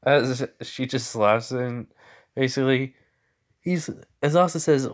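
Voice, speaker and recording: A man's voice: mid-range voice, takes it slowly. A young man retelling a fan story in a rambling, casual way, full of fillers.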